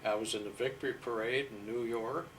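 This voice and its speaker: An older man from Iowa, a war veteran, unhurriedly recounting his service with fillers and pauses. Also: mid-range voice, fairly even intonation, fairly bright tone, distant mic, a little hiss or hum, poor audio. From Iowa, USA. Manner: unhurried, humble storyteller with fillers. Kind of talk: storytelling interview.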